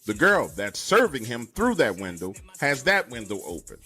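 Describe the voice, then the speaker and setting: Lively man telling a dramatic story. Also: medium pitch, moderate pace, breathy edge, faint music behind. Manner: dramatic, lively, acts out quotes. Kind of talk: animated spoken storytelling.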